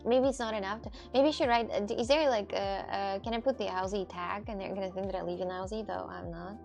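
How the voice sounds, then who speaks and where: A young woman in her twenties, rambling and chatting straight to her live-stream viewers. Her voice sits a little high for a woman, with a gravelly, creaky edge. Soft music plays faintly behind her. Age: 20s. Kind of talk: casual live stream chat.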